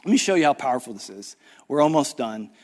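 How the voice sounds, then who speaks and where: A middle-aged man preaching a conference sermon, swinging from loud urgent emphasis to low hushed appeals and acting out the voices of people in the story. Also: big pitch swings, fast. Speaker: guest preacher.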